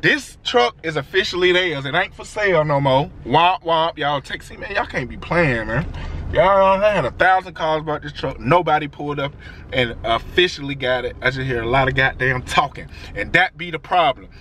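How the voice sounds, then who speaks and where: Excited man vlogging from his truck. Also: on the high side, moderate pace, slight background noise. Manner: excited, rambling, swearing freely. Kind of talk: casual vlog talk to camera. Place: in his truck at a car lot.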